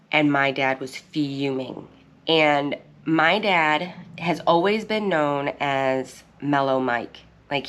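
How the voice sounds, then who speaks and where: A woman in her thirties hosting her own channel, telling a rambling story in a casual, chatty way. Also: low-pitched. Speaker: channel host. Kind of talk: casual chat.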